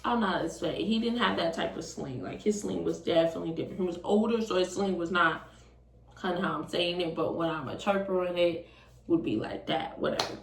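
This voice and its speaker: A young woman in her twenties telling a storytime, casual and animated, swearing often. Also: lowish voice, a little fast, gravelly. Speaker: vlogger. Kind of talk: storytime vlog. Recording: roomy, distant from the mic.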